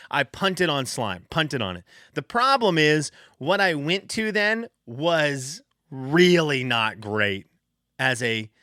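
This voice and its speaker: A man's voice: mid-range voice, no room sound, studio quality. A man, hosting a casual solo podcast and telling stories animatedly, acting out what his kids say. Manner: animated storytelling, acts out quotes of his kids. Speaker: podcast host.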